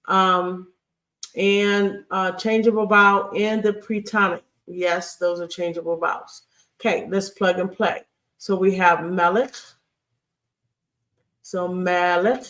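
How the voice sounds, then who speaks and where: Over slides, a woman gives a recorded Hebrew grammar lesson, patiently going over key points again and often asking "okay?" amid plenty of fillers. Her voice is lowish and fairly bright, with fairly even intonation and a slow pace, and the mic is set back from her.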